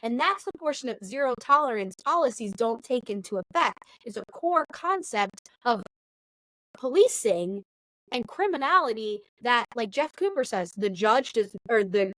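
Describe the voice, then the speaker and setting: A woman's voice: a little high, moderate pace, no echo, low-quality recording. A woman, co-hosting a casual conversation and acting out quoted lines as she tells stories. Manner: animated storyteller, acts out quoted lines. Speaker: podcast co-host, nurse trainer.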